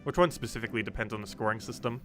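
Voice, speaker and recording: A young man talks through his game stream in a loose, rambling way, full of ums, restarts and asides to chat. His voice is bright and forward, at an ordinary middle pitch for a man. Faint music plays under him. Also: rapid-fire. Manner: chatty, rambling, many ums and restarts, answers chat questions. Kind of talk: casual live-stream commentary while playing.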